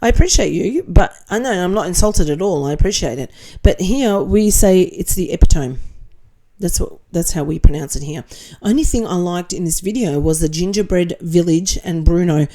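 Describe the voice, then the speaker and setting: Mellow-voiced Australian woman reading comments. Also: lowish voice, expressive, normal speed. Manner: reads comments aloud with laughing asides, blunt and sarcastic. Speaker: commentary channel host reading viewer comments. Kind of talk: casual commentary chat.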